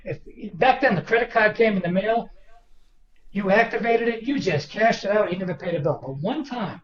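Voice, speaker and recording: Older man telling stories. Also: high-pitched. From Boston, Massachusetts. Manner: animated anecdotal storyteller, acts out quoted people. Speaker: author guest. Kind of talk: storytelling interview. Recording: roomy distant dull sound with crowd behind.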